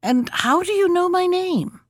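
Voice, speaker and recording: A woman's voice: very high voice, animated, measured pace, no echo, studio quality, voice pushed up. A woman voicing a frightened but stubborn young girl in a storybook reading. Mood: startled.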